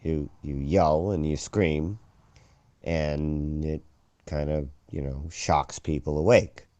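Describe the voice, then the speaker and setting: A man hosting a profane conspiracy chat show, ranting and swearing, now and then shouting mockery. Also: very deep voice, fairly even intonation, slow pace, no room sound. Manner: ranting, swears a lot, swings loud and mocking.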